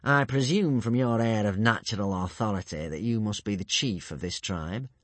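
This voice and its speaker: A man doing a sly, oily-smooth charmer, Alvin. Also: on the low side, normal speed, no room sound, close to an everyday voice. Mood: smarmy. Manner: soft, ingratiating, overly polite.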